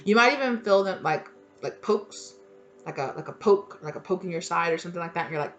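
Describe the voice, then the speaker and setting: A woman's voice: on the low side, brisk, muffled recording, faint music behind. A woman giving a casual tarot reading, blunt and emphatic, swearing freely and repeating her points. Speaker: tarot reader.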